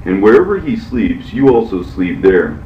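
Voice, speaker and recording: A man reading the part of a calm, commanding divine Lord in a measured, solemn way, heard from far off in an echoey space. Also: low-pitched, muffled recording, slight background noise.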